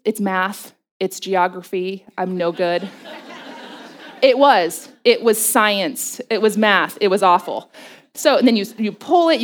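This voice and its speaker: A middle-aged woman giving a faith talk to a group, telling animated personal stories with quick asides and laughing at herself. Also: on the high side. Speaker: speaker addressing a group.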